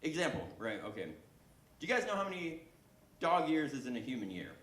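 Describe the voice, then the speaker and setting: A male comic working a club stage talks a little fast in a sing-song, fairly bright, medium-pitched voice, mocking himself and chatting with the crowd. The room sounds echoey, with faint ambient noise.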